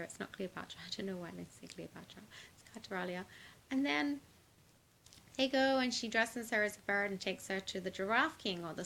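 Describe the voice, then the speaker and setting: A woman telling an improvised story in an animated, playful way, with laughing asides. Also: medium pitch, creaky, slight background noise.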